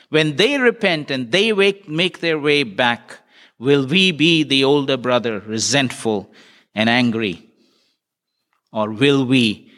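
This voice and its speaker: A man's voice: fairly high pitch, a bit bright. A man preaching a sermon, retelling a parable and putting earnest, searching questions to his listeners.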